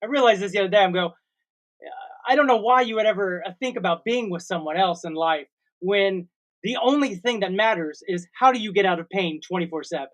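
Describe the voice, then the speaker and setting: A man's voice: sits high, fairly quick. Rambling storytelling man in his forties. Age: 40s. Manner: rambling, animated storytelling with made-up sound words. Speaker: co-host. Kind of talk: casual chat on a livestreamed comedy podcast.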